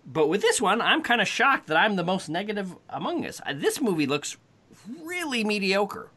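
A man hosting a casual podcast chat, wry and animated, often correcting himself mid-sentence. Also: high voice, normal speed. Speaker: podcast host.

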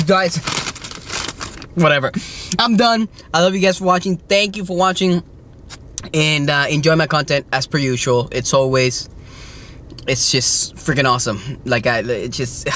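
A man filming a casual toy-hunting vlog, talking in an animated way and dropping in Spanish words. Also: a little high, a little slow, pauses often, slight background noise. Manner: animated, swears and laughs, mixes in Spanish words.

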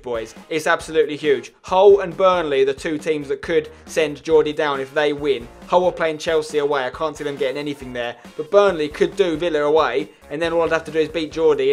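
A young man commentating his own football management game, excitable and yelling at his players. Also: on the high side. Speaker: gaming YouTuber.

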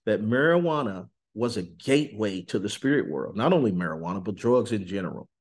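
A man giving an earnest, intense testimony in a sit-down interview, slowing on key words and rising suddenly in pitch and volume. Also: animated. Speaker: interview guest.

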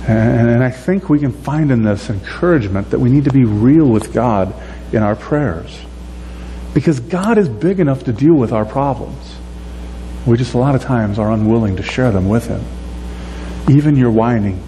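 A man preaching a sermon as a pastor, talking in a relaxed, conversational way and acting out the prayers he quotes. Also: on the low side, moderate pace. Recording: echoey hall with faint hum.

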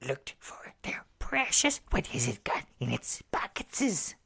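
A man doing a quick whispered impression of a creepy creature looking for his precious, in a hissing whisper. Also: medium pitch, big pitch swings, creaky, sharp tone, slightly rough, pitched above the performer's own voice, heavily acted.

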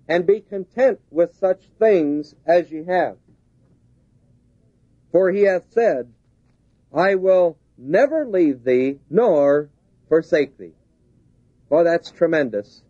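A man's voice: on the high side, warm tone, dry recording. A man preaching a sermon, driving his points home with repeated, rising emphasis. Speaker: pastor. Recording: dull lo-fi 1970s tape.

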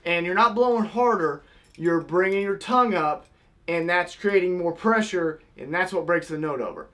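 A man's voice: high-pitched, moderate pace, sharp tone. A young man casually teaching, step by step, how to blow a goose call. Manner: step-by-step, demonstrating with vocal honk sounds.

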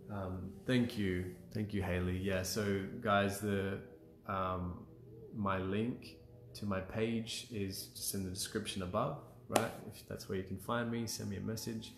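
A man with a lowish voice leads a livestreamed healing session, speaking slowly and calmly through breaths and affirmations. His voice carries a roomy echo, with soft music faintly behind it. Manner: slow, calm guided breathing with frequent sighs and affirmations. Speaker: emotional clearing practitioner leading a live session.

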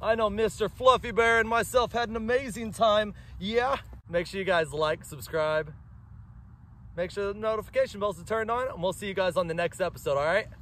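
Cheerful, high-voiced man filming outdoors in snow. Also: a little fast, a little hiss or hum. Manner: cheerful, excitable, laughs often. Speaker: vlogger with his service dog. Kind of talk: casual vlog narration and dog commands.

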